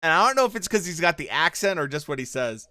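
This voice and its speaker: In this casual livestream, a man watches a fight show along with his viewers, reacting to chat and the episode in chatty, loose fan talk. He speaks fast and very animated in a fairly high, bright, forceful voice, recorded dry at studio quality.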